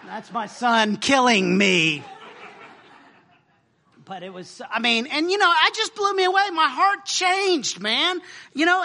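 A middle-aged man preaches in a loose, animated way, laughing and dropping casual slang as he talks through slides. His voice sits very high and sounds strikingly bright. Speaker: speaker sharing a mission trip story. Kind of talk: informal sermon with slides.

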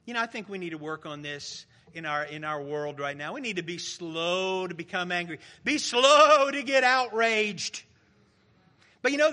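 A man's voice: very high voice, pushed and bright. A middle-aged male pastor preaching a sermon in a conversational, joking way with the congregation.

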